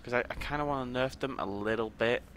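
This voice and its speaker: A man's voice: mid-range voice, fast talker, a bit bright, slight background noise. A man commentating his gameplay in a chatty way, thinking aloud as he plays. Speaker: gaming YouTuber.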